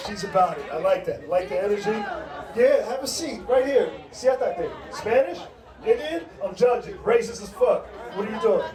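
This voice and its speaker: A man's voice: high voice, animated, moderate pace, recorded from a distance. A middle-aged man hosting a stand-up show, doing brash, profane crowd work and teasing the audience. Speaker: comedy show host. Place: large comedy club, live audience. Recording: echoey club room, crowd noise.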